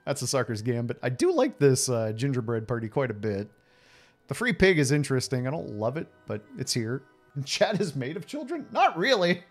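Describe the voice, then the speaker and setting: A man's voice: medium pitch, sing-song, moderate pace, soft background music. A man in his late thirties streaming a game, chatting and teasing his viewers with frequent laughs. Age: late 30s. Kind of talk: casual game commentary talking to chat.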